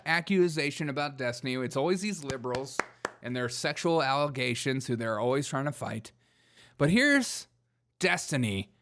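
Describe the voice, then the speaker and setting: A man's voice: fairly high pitch, a bit bright. Male stream host, casual reaction commentary, dry humor, laughs a lot. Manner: wry, joking, laughs often.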